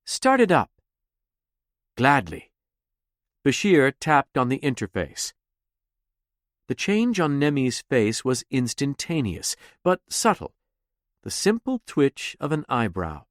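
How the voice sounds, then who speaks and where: Slow, measured male audiobook narrator. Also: medium pitch, big pitch swings, no echo, clean studio sound. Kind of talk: scripted narration.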